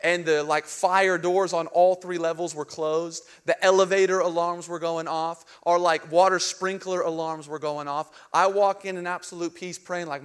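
A young male pastor preaching with a bright, high-set voice. He tells stories with big animated outbursts, acting out panic, then pulls back to a hushed, intimate tone for the reflective points. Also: moderate pace, few pauses, clean tone. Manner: drops to a soft hushed tone for reflective lines. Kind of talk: sermon.

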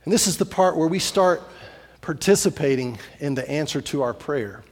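A man preaching a sermon as pastor, animated and repetitive, acting out little voices as he tells a story. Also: on the high side, moderate pace, long reverb tail.

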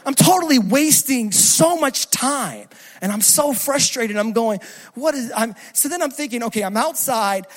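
High-voiced animated male preacher. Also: moderate pace. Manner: animated, acts out scenes, loud bursts of laughter. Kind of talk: sermon with comic storytelling.

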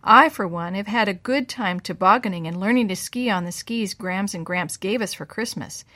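A woman plays a confident older brother in a storybook, teasing and bossy, taking charge with steady instructions. The sound is dry and close. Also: mid-range voice, moderate pace, no echo, natural voice. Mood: firm. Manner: bossy, reassuring.

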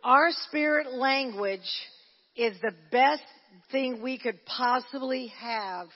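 A woman pastor preaching a sermon, telling a story with animated energy and shouting at its high points. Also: slow pace. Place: church hall. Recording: dull lo-fi recording in a church hall.

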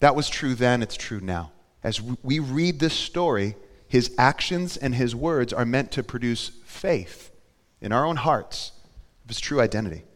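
A male pastor preaching a sermon in a conversational way, asking the congregation questions and building to loud, emphatic peaks. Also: medium pitch, lively intonation, a little slow, big-room sound. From Florida.

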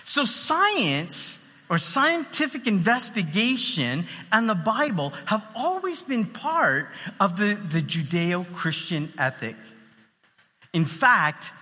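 A man's voice: high-pitched, sing-song, slow, sharp tone. A man preaching a sermon in a loose, conversational way with many fillers. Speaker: pastor. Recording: long hall reverb.

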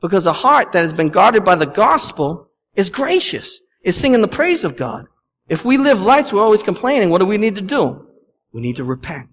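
In a church sanctuary, a young adult male pastor preaches a conversational, emphatic sermon with asides to the congregation. His high voice has big pitch swings and a normal speed. The church hall adds long reverb.

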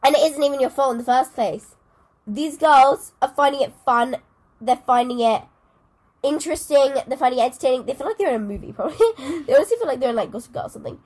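A woman's voice: sits high, fast, a little mellow, husky. A teenage girl co-hosting a podcast, chatting in a rambling, giggly way. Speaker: podcast co-host. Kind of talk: casual chat.

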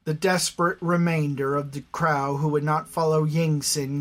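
A man narrating a fantasy story in a measured, even storytelling manner. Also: on the high side, music in the background. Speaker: audiobook narrator.

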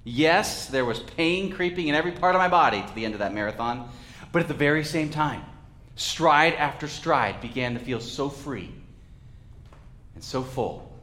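A male pastor preaching a sermon in a church, with a measured, reflective delivery and dramatic pauses. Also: on the high side, lively intonation, bright, forceful tone, roomy sound.

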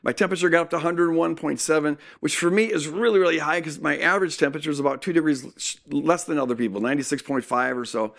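Guy preaching through a personal story, kinda gravelly, pitch sits a bit high. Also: fast, hardly any pauses. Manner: animated storytelling with acted-out quotes. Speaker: speaker.

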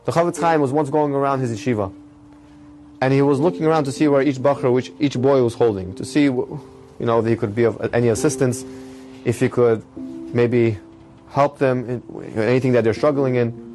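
A man telling an inspirational religious story in a conversational, animated way. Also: medium pitch, fairly quick, faint music behind. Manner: conversational, animated with many fillers.

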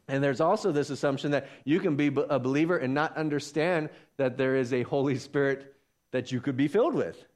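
A man preaching a sermon, animated and acting out the voices of the people he talks about. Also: fairly high pitch. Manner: animated, acts out voices of biblical figures. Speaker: pastor.

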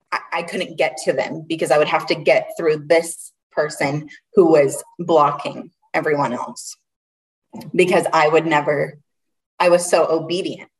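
A young adult woman telling a personal story as an interview guest, earnest and halting, often restarting her sentences. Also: low voice. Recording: voice a little far from the mic.

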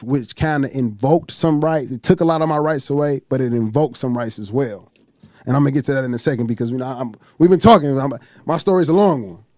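Profane, animated man telling his story. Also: a little high, dry recording, clean studio sound. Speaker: podcast host. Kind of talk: casual storytelling chat.

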